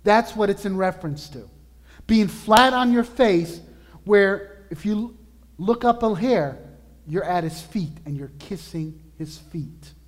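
A man preaching a sermon as pastor, earnest and emphatic, slowing down to stress key words. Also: high voice, animated, in a large hall. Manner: earnest, emphatic preaching with slow drawn-out lists.

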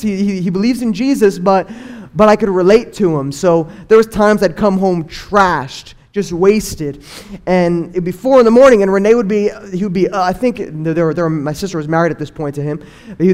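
A young man giving an earnest personal faith testimony, telling his story and acting out what people said in lively bursts. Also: high voice, brisk. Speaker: testimony speaker.

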